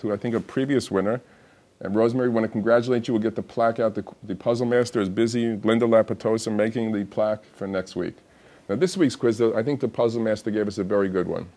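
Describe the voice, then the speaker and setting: A man's voice: on the low side, steady tone, fast, mellow. A man hosting a TV health show, talking casually and chatting to viewers. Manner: chatty, laughs through his own joke. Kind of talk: casual TV talk.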